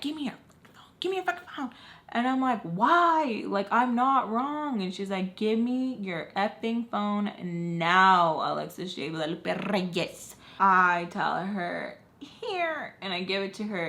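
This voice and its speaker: A young woman vlogger telling a personal story to camera in a rambling, frank, animated way, full of fillers and swearing. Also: medium pitch. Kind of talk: casual storytime.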